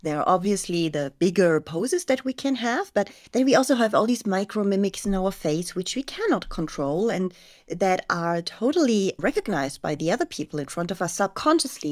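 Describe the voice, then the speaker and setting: A woman hosting a podcast interview, asking earnest, thoughtful questions in slightly non-native phrasing. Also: on the low side. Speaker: podcast host.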